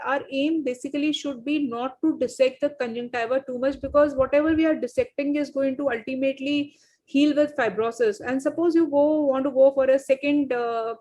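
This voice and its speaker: A woman with a high, light voice talks through her surgery footage step by step for an online conference. She explains carefully and often pauses on small fillers as she goes. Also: fairly even intonation, dark tone. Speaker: surgeon presenting a surgical video.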